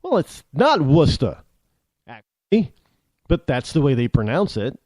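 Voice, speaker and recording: An American man hosting a talk show, delivering a rambling opinion monologue full of halting restarts. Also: mid-range voice, wildly swooping pitch, darkish tone, no room sound, clean studio sound. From United States.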